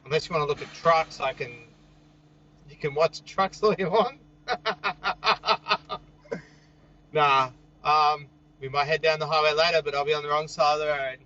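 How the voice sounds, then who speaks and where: Chatting with viewers on a casual outdoor livestream at night, a young Australian man reads comments aloud, jokes, and chuckles often, easygoing throughout. His slightly high voice is sharp, fairly even in intonation and fairly quick. The recording sounds muffled.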